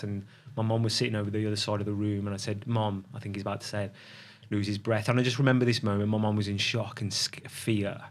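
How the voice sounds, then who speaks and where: A middle-aged man telling a personal story as a podcast guest, reflective and halting, often restarting his sentences. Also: fairly low pitch.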